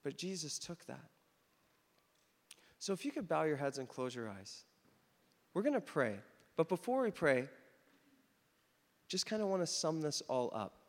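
A man preaching a sermon, telling a story with animated emphasis, then leading communion. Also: fairly high pitch, unhurried, pauses often. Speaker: pastor. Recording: long hall reverb.

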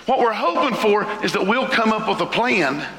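Fervent high-voiced preacher man in echoey hall. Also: animated, normal speed. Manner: fervent preaching with shouted lists and sudden pitch leaps. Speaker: pastor. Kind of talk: sermon. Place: church sanctuary.

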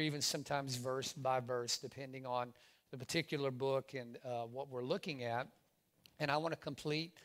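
A male pastor preaching a sermon to his congregation, lively, with call-and-response phrases for the room to repeat. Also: on the high side. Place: church in front of a congregation.

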